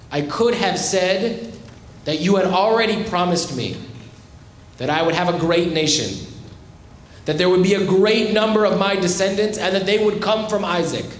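A man's voice: high voice, voice pushed up. A man voicing Abraham as an old man pleading urgently and insistently. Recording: roomy echo.

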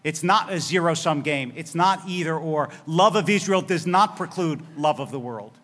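High-voiced rabbi preaching in a hall. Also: male voice, moderate pace, a bit bright. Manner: storytelling with wry humor and dramatic quoted lines. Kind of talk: sermon. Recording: long hall reverb.

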